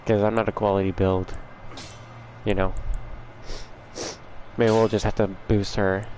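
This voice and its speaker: Low-voiced man chatting on a stream. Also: little pitch movement, measured pace, a little mellow, slight background noise, rough recording. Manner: chatty, greets and teases viewers by name. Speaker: gaming livestreamer. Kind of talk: casual livestream chat. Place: his room at home.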